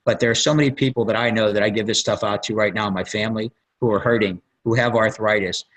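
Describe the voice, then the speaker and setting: A man's voice: on the low side, fairly even intonation, fast talker, a bit bright, poor audio. A man, a plastic surgeon guest on a conference call, telling rambling stories and acting out what people said. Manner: rambling storyteller, acts out quotes.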